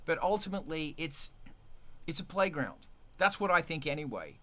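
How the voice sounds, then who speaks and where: A bright-toned man with a fairly high voice chats on a livestream as its host. He rambles, swears, and jumps around in pitch and energy. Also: normal speed. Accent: Australian. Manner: animated, swearing, rambling with restarts. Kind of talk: casual livestream chat.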